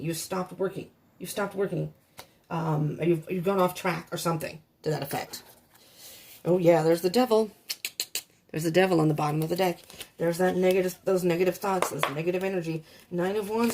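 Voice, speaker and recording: Woman doing a tarot reading, lowish voice, rambly and emotional, bit of hiss in the background. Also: a little mellow. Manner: rambling, emotional, talks to herself. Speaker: tarot reader.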